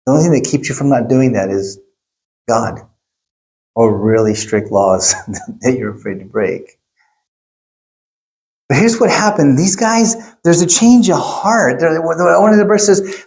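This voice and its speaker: A middle-aged male pastor preaching a sermon, telling stories in an animated way and acting out quotes. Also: mid-range voice, a little slow, long pauses. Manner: animated storytelling, acts out quotes. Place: church.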